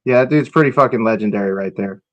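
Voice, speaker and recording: A man's voice: fairly low pitch, fast talker. A man hosting a casual live stream, reacting to clips and chatting with viewers in an offhand, profane way. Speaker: livestream host.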